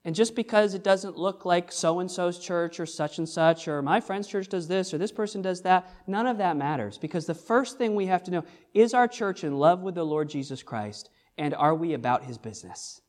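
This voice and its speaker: A man's voice: high-pitched, normal speed, hardly any pauses, a little mellow. A pastor preaching to his congregation in a church. His delivery is earnest and emphatic, full of rhetorical questions and phrases repeated for weight. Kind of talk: sermon.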